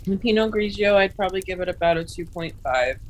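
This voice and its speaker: A woman in a casual chat, hesitant and filling her pauses with ums. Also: mid-range voice, animated, a little hiss or hum, low-quality recording.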